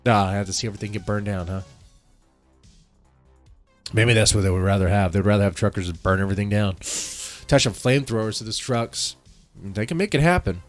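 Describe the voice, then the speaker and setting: A man hosting a casual live-stream reaction, rambling and repeating himself as he talks to his chat, congested from allergies. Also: lowish voice.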